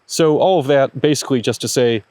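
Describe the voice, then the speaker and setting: An American man, a historical reenactor hosting his own channel, explaining a question to camera in a measured, point-by-point way. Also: medium pitch, a little mellow, no echo. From United States.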